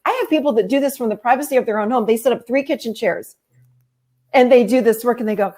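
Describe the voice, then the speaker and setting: A woman therapist and life coach talks through her ideas in an easy conversational way. Her voice sits a little high for a woman, and she tells stories with energy, slipping into the voices of the people she quotes. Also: fast talker. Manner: animated storytelling, acting out quoted voices. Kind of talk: conversational explaining.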